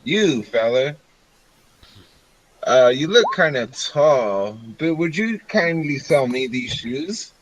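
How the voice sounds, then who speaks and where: Unhurried, smooth-talking male elf, vain and quick to take offense; a man at the table voicing him. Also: on the high side, sing-song, slight background noise, low-quality recording. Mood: indignant. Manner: smooth-talking, then indignant. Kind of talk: tabletop role-play.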